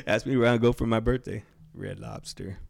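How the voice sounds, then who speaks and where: A man's voice: lowish voice, creaky. A young man telling stories in casual chat, laid-back and profane, peppering his talk with "dude" and "bro".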